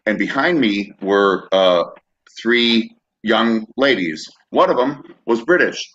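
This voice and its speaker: A man co-hosting a podcast, telling stories in a dry, low-key way. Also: animated, takes it slowly, fairly bright tone. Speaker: podcast co-host. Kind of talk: casual comedic banter. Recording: dull lo-fi with faint noise.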